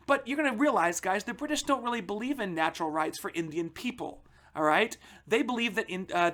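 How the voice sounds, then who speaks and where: A man teaching a history lesson to students in a conversational way, often calling them guys and checking in with "all right?", and lifting his voice to stress key points. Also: a bit bright. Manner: emphatic, lifts pitch and volume to stress key points. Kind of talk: recorded history lecture for students.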